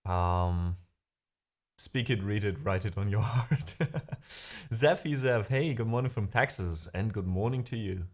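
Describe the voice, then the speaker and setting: A man who speaks English as a second language hosts a music livestream, casually reading viewer comments, rambling, and laughing at himself. His voice is fairly low and slightly mellow, at a measured pace.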